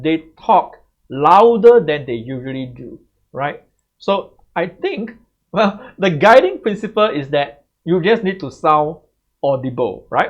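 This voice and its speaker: A male English tutor with a slightly high voice gives an exam tips lesson to camera, chatting casually and adding "right?" to the end of nearly everything. The audio is a bit muffled and lo-fi.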